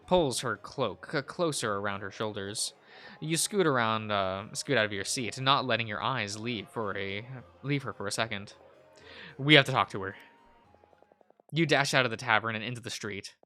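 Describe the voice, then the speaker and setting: A young man reading a visual novel aloud as a let's play host, halting often with fillers and restarts. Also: fairly low pitch, bright, forceful tone, clean tone.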